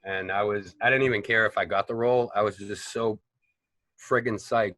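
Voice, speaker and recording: Actor guest, lower pitch, forceful tone, loose profane anecdotes. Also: male voice, moderate pace, no room sound. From Boston, United States. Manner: animated, profane, rambling storyteller. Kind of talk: casual interview storytelling.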